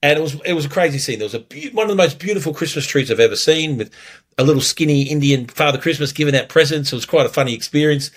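A man preaching as a pastor, telling a story earnestly before communion, lively when he retells it. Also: on the high side, fast talker.

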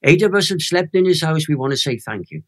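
Animated older Welsh man telling a story. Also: fairly high pitch, quick pace. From Wales. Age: 80s. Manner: animated storyteller, emphatic and emotional. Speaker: guest evangelist. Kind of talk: telling a personal faith story.

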